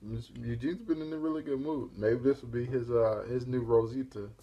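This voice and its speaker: A man's voice: mid-range voice, normal speed, warm tone, lo-fi sound. A man casually retelling a comic issue for his own review show, in a rambling, laid-back way. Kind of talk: casual spoken comic recap.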